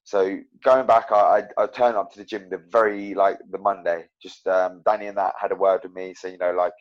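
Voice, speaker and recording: A man's voice: deep voice, flat delivery, a little fast, dull audio. A man talking as an MMA fighter guest, rambling and frank about his own fights. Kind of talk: casual interview chat.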